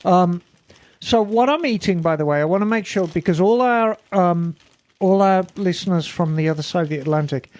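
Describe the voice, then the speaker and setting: A man's voice: high voice, normal speed, darkish tone. A man co-hosting a casual podcast chat, talking in a rambling, self-deprecating way. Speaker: podcast co-host.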